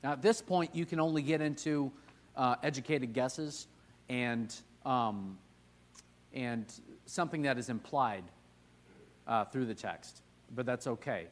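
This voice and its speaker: An unhurried man with a mid-range voice runs a casual Sunday Bible class in a church classroom. Between jokes, he talks with the room and poses questions to his students.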